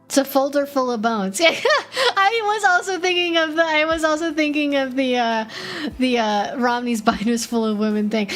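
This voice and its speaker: Chatty woman streamer, faint music. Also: fairly high pitch. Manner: chatty, reads chat aloud, frequent fillers and restarts. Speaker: stream host answering chat questions. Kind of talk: casual live-stream chat.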